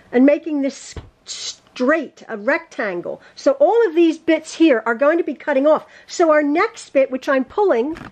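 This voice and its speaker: A woman giving a chatty home sewing tutorial, rambling and correcting herself as she works at the machine. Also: sits high. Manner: rambling, self-correcting, talks while sewing. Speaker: quilting teacher.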